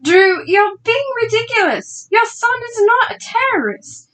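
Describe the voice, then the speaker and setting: A man voicing a sharp, stern middle-aged mother who defends her son in crisp, formal tones. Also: extremely high pitch, very animated, a little slow, pitched above the performer's own voice, full character voice. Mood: icy, indignant.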